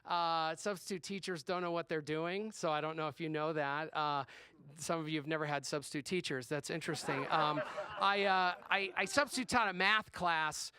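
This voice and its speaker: A man's voice: fairly high pitch, steady tone, moderate pace, sharp tone, clear, resonant tone. A middle-aged man performing a stand-up comedy set on stage, talking in a chatty, self-deprecating way full of fillers and restarts. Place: comedy stage before a live audience.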